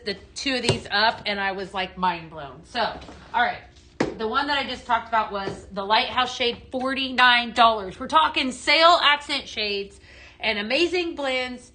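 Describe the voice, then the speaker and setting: A woman's voice: on the high side, moderate pace, noisy background. A woman hosting a chatty live home-decor sales stream from her home, reading viewer comments aloud.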